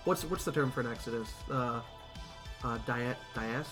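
A man co-hosting a casual podcast review of comics, excitable and swearing casually. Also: mid-range voice, moderate pace, over music. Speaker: podcast co-host.

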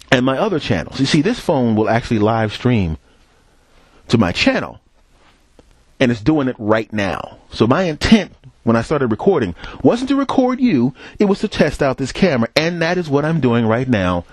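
The podcast host, from Philadelphia, USA, talks into a headset mic as he walks down a city street, delivering a profane, wandering story. His voice is mid-range and slightly rough, with no room sound.

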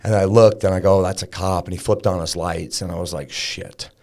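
A man's voice: sits low, fairly even intonation, fast talker, mellow. A man telling a raw personal story as a podcast guest, frank and casual, swearing and peppering his talk with fillers. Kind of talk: candid personal storytelling in an interview.

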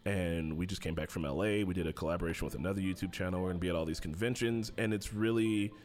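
A man's voice: low-pitched, fast talker, a little mellow. A young man, a podcast guest in casual interview chat, laid-back and jokey with many fillers.

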